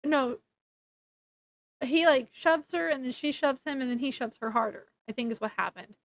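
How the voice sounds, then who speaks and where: A woman's voice: high-pitched, normal speed, a bit bright. A woman casually retelling a novel's plot in a rambling, chatty way, full of fillers and restarts. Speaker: book reviewer. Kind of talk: casual book review recap.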